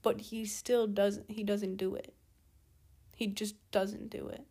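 A woman's voice: mid-range voice, little pitch movement, slow, mellow, husky. A teenage girl talking alone in a casual monologue, ranting and exasperated, firing off rhetorical questions and swearing. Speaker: podcast host.

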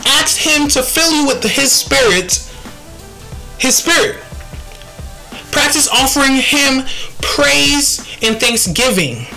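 Woman doing a faith podcast, bright clear tone, takes her time, kinda thinking out loud. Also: sits high, expressive, faint music behind, low-quality recording. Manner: earnest and reflective, quotes scripture, slow deliberate delivery. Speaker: podcast host.

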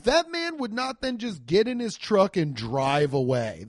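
A man's voice: high-pitched, big pitch swings, measured pace, no room sound, studio quality. A young man giving a profane, exasperated comedic rant reviewing a movie.

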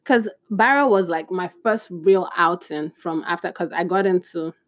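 A young woman in casual storytime chat, chatty and animated, acting out bits of dialogue with exclamations. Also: fairly low pitch, normal speed, dry recording, clean studio sound. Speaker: vlogger.

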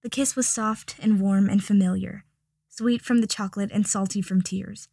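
Woman narrator, soft and gravelly, close dry mic, audiobook. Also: medium pitch, fairly even intonation, moderate pace, dry recording. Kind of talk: audiobook reading.

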